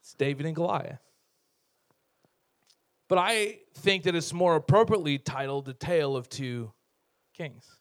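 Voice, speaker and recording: A man preaches a sermon in a relaxed, conversational way, mixing jokes into a Bible story. His voice sits fairly high and stays animated. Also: a little slow, long pauses. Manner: lively, conversational, humorous storytelling. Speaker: pastor.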